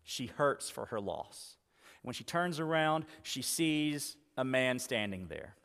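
A male pastor preaching a sermon, retelling scripture with dramatic pauses and slowing on key words. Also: medium pitch, very animated, vocal fry, fairly bright tone. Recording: long reverb of a church hall.

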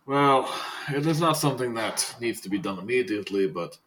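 A man voicing an older male ex-criminal who keeps a tavern and lost his legs, rambling and chuckling with hesitant pauses. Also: mid-range voice, expressive, noisy background, lightly acted. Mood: folksy.

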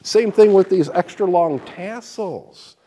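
A man's voice: high-pitched, takes it slowly. A man preaching a sermon, explaining scripture with folksy stories, full of restarts and repeated words. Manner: animated storytelling with repeated restarts.

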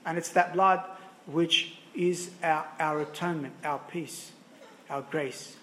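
A man with a notably high-pitched voice preaches a sermon as a priest. He speaks earnestly, asking rhetorical questions and often restarting his sentences as he builds a point. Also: fairly even intonation, slow pace, a bit bright, slight background noise.

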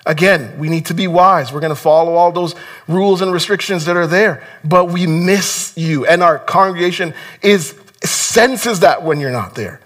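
A man delivers a sermon to his congregation in a high voice. His tone is bright and forceful. He talks in an earnest, urging way, doubling back on words as he drives each point home. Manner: earnest, exhorting, repeats words when stressing a point. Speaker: pastor. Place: church sanctuary.

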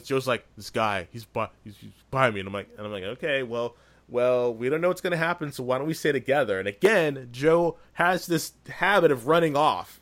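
A man retells a video game session in loose, casual podcast talk. He rambles and grows excitable, often restarting his sentences as he goes. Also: mid-range voice.

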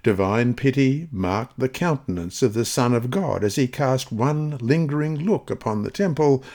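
A man reading a scripted devotional Bible study in a measured, earnest way, slowing on key phrases. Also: medium pitch, lively intonation, darkish tone. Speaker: devotional reader.

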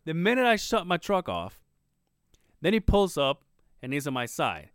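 A man co-hosting a podcast, chatting casually and telling a story full of quoted back-and-forth. His pitch leaps high and drops low as he acts out each person. He sits close to the mic in a dry room with no echo. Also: normal speed, smooth. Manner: animated storyteller acting out quoted people, swearing freely. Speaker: podcast co-host.

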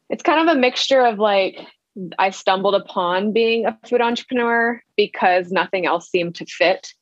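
A woman's voice: mid-range voice, no room sound, highs cut off. A woman from Louisiana in her thirties, telling her story in a casual interview, chatty with many fillers and acted-out quotes. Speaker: guest, ice cream entrepreneur.

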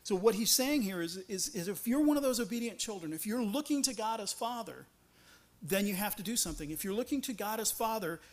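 A man delivers a sermon in a notably high voice. He talks to the congregation conversationally and earnestly, restarts his phrases often, and leans on rhetorical questions. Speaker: pastor.

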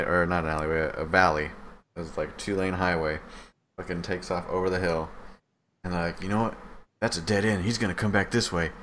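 A man's voice: low-pitched, fairly bright tone, slight background noise. A man co-hosting a casual podcast, telling stories in a laid-back, profane way. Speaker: podcast co-host. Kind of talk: casual chat.

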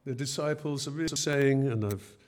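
A man's voice: medium pitch, moderate pace. A man preaching a sermon in church. He retells the scenes as everyday conversations.

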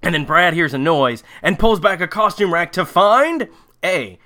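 Sarcastic, animated man recapping a film. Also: sits high, measured pace. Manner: sarcastic, profane, mocking voices of characters. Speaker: podcast host. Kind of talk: comedic movie recap.

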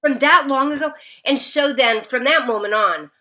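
A woman with a bright, forceful voice pitched a little high tells a lively anecdote in casual chat. She is self-deprecating and talks loosely, with plenty of "like" and "you know". She sounds like an actress guest sharing a story. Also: moderate pace.

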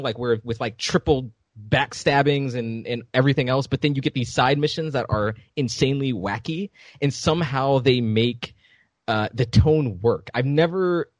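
On a dryly recorded podcast, a male co-host with a mid-range voice chats casually, animatedly retelling a scene from a game and performing the characters' lines.

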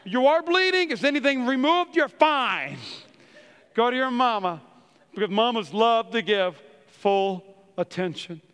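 A man's voice: very high voice, measured pace, clean tone, long reverb tail. A middle-aged man, a pastor, preaching a sermon in a church, telling funny family stories and acting out the quotes in them. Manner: animated storyteller, acts out quotes.

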